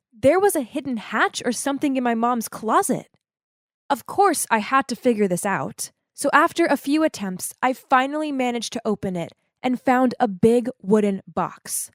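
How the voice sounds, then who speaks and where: A woman narrating an animated storytime in a dramatic, emotive way. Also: no echo, clean studio sound. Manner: emotive and dramatic, swings to high exclaims.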